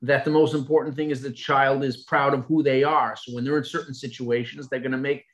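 A man, a rabbi moderating, asking a measured, thoughtful question on a video call. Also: mid-range voice, little pitch movement.

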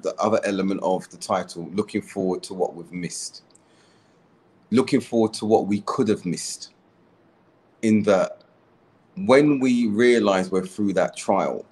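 A man hosting a podcast, reflecting on faith in a measured, deliberate way. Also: on the low side, darkish tone. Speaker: podcast host. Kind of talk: reflective religious discussion.

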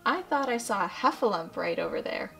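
Young boy, cheerful, friendly, bright, storybook reading, woman reading. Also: on the high side, sing-song, a little fast, gravelly, soft background music, exaggerated voice.

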